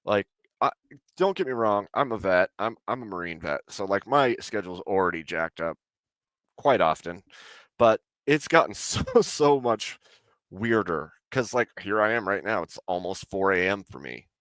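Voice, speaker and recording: A man's voice: on the low side, animated, moderate pace, a bit bright, dry recording. A man from the United States streaming late at night, talking in a laid-back, rambling way with lots of likes. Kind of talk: casual late-night chat. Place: home streaming setup.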